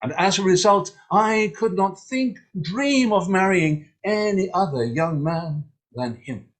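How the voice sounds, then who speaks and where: A woman's voice: on the low side, lively intonation, slow. A man voicing a young bride who formally pleads her case to a king in a storybook tale. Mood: earnest.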